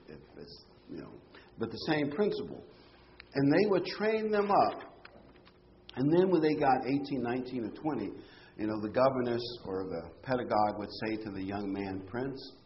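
A man's voice: mid-range voice, muffled recording, a little hiss or hum. A man preaching a Bible-teaching sermon, explaining scripture with rhetorical questions and emphatic phrases.

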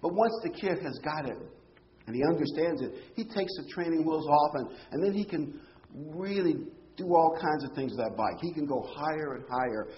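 Animated male Bible teacher. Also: a little high, normal speed, dull audio. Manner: explanatory, animated, punches key phrases, rhetorical questions. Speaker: preacher.

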